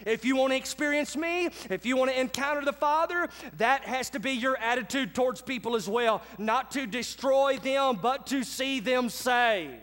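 A high-voiced man delivers a sermon from the pulpit. He keeps a casual, conversational tone but pushes his key lines with force. His voice rings out in a large hall with a long reverb tail. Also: normal speed, few pauses. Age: adult with children. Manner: conversational preacher, swings between quiet asides and loud emphatic lines. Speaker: pastor.

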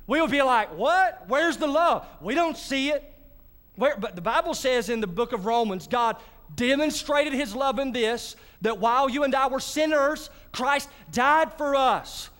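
A male pastor with a very high, fairly bright and clean voice delivers a sermon in a church sanctuary, expressive and a little slow. His preaching is conversational, addressing the congregation directly with asides.

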